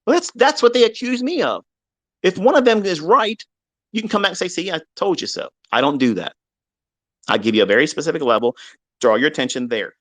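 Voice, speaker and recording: A man hosting a live online audio chat, ranting heatedly and profanely, swinging between loud outbursts and low mutters. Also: animated, brisk, long pauses. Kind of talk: heated unscripted rant. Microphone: online audio room.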